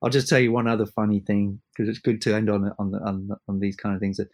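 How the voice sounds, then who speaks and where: Man telling lively studio stories. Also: fairly low pitch, fast talker. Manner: animated anecdotes, acts out quoted voices, laughs. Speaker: record producer, guest. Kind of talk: storytelling interview chat. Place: abroad from the host, evening.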